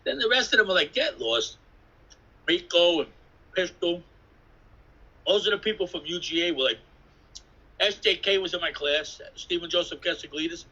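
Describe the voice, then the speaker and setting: A man telling rambling, animated stories in a casual interview, acting out voices and swearing. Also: sits high, normal speed, pauses often, dull audio. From New York City. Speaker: interviewee, graffiti artist.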